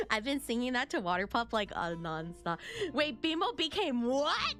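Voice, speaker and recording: An excitable young woman streams a game and talks to her chat, with a fairly high voice that swings up and down in lively bursts. She repeats herself and breaks into silly sung bits, over faint game music behind her. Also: a little fast. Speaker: VTuber streamer. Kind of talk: casual gaming stream chat.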